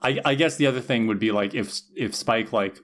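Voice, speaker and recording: A man's voice: medium pitch, fairly quick, fairly bright tone, slight background noise. A man co-hosting a casual podcast, talking thoughtfully with some hesitant restarts. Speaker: podcast co-host. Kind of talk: casual discussion.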